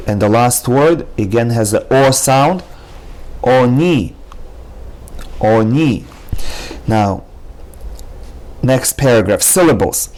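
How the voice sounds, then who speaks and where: A man gives a language lesson at a slow, unhurried pace. He is patient and careful, saying each word several times over and drawing out its sounds. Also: medium pitch, darkish tone. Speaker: Hebrew teacher.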